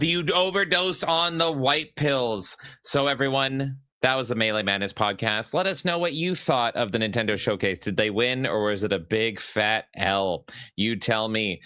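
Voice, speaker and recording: A man's voice: mid-range voice, sharp tone, smooth, no room sound, studio quality. Teasing man hosting a gaming podcast. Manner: teasing, jokey. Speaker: podcast host. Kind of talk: casual gaming podcast chat.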